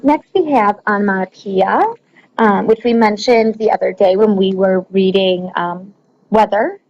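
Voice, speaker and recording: A woman's voice: medium pitch, a little mellow. Woman, teacher, recorded lesson, frequent ums, slightly dull lo-fi sound. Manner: explaining slowly with frequent ums.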